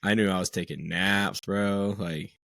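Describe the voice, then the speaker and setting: Man, very deep voice, dry sound, relaxed, laughs a lot, slangy. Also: measured pace, gravelly, no room sound. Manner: laid-back, laughs often, lots of "dude" and "man". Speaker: podcast co-host, former Marine. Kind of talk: casual chat.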